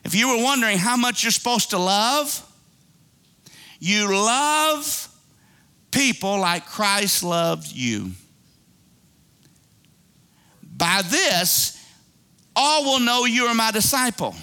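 A man's voice: high-pitched, very animated, measured pace, pushed and bright. A man preaching a sermon in a church, folksy and colloquial, calling out to the congregation and acting out little prayers. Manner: preaching with call-and-response and playful asides, acting out prayers. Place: church sanctuary.

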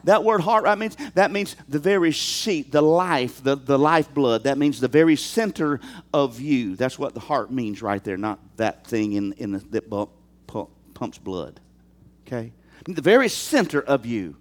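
A male pastor preaching a sermon in an animated way, throwing rhetorical questions at his congregation and calling out to them. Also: medium pitch, moderate pace.

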